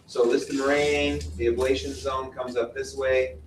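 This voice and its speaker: Speaking at normal speed with medium pitch and little variation, a male instructor in mountaineering teaches a class about glaciers. He quizzes the students and explains patiently. The mic is distant, the room echoey, and there's faint noise.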